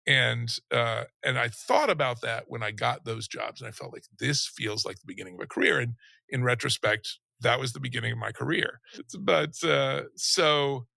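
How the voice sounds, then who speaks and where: A man's voice: medium pitch, animated, normal speed, creaky, bright, forceful tone, no echo. A middle-aged man, an interview guest, retelling a personal story with lots of restarts and acting out the people he quotes.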